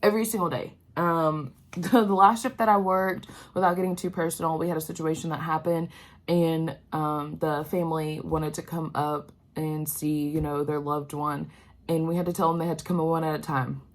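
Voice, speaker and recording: Young woman, low voice, candid casual vlog talk with plenty of fillers. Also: fairly even intonation, moderate pace. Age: young adult. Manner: candid, emotional, many fillers like "um" and "like". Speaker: healthcare worker vlogger.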